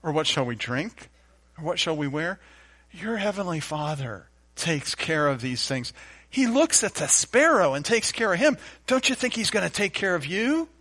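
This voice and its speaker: A man preaching a sermon, acting out a doubting believer's complaints and then answering softly with calls to trust God. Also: fairly high pitch, big pitch swings, moderate pace. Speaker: pastor.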